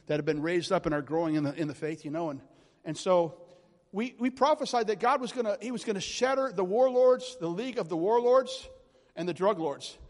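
High-voiced preacher man in a reverberant hall. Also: fairly quick. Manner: animated, rambling storyteller addressing congregation. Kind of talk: charismatic sermon storytelling.

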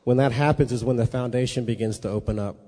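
A man's voice: mid-range voice, fairly even intonation, quick pace, mellow. A man teaching a sermon in a conversational way, often checking in with his listeners. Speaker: preacher. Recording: long reverb of a hall.

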